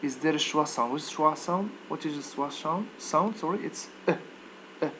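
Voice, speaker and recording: A man's voice: a little high, normal speed, sharp tone, a little hiss or hum, rough recording. A man teaching a live online English lesson, checking students' answers by name and modeling pronunciation.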